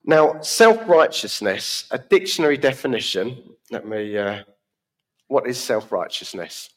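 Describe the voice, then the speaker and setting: A man's voice: medium pitch, animated, measured pace. A man giving a conversational sermon in a church service, often asking the congregation questions. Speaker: preacher.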